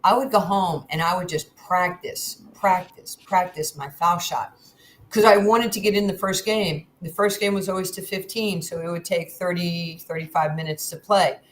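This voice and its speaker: Animated woman in her sixties telling stories. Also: on the low side, moderate pace, hardly any pauses, a little hiss or hum, poor audio. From New York. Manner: lively, candid storyteller acting out quoted dialogue. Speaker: guest. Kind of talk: casual storytelling.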